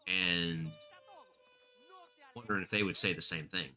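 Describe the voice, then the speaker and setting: A man's voice: sits low, steady tone, unhurried, bright, forceful tone. A man streaming a game, rambling casually and chatting with his viewers. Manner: rambling, chatty, reads chat aloud. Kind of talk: casual gameplay commentary.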